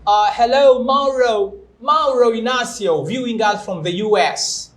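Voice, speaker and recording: A man's voice: very high-pitched, measured pace. A young man hosting a live-streamed interview, chatty and playful, who stops to explain pronunciation with examples. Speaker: English teacher and show host. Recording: echoey room, faint noise.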